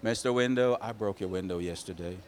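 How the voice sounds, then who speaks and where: A man's voice: fairly low pitch, brisk, a little hiss or hum, voice pushed down, lightly acted. A man voicing an apologetic young boy who admits breaking a window in a storybook tale. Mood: earnest.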